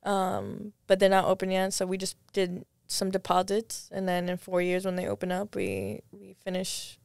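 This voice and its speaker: A woman's voice: medium pitch, moderate pace, creaky, darkish tone, smooth, dry recording. A young woman, a podcast guest, telling stories in a rambling casual chat, full of restarts. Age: young adult.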